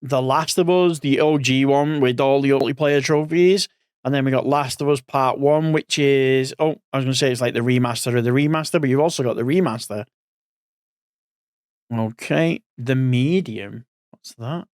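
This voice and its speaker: A man's voice: mid-range voice, moderate pace, smooth, no room sound, studio quality. A man in his forties giving casual gaming commentary as a streamer, rambling and thinking aloud, a bit sleepy. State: sleepy, yawning.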